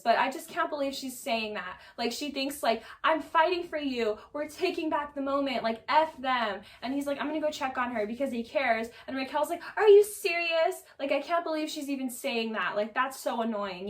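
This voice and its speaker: Woman w a high voice chatting thru a reality tv recap, lots of "like", a bit far from the mic. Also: fairly bright tone. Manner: gossipy, many "like"s, acts out quotes. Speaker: recap vlogger.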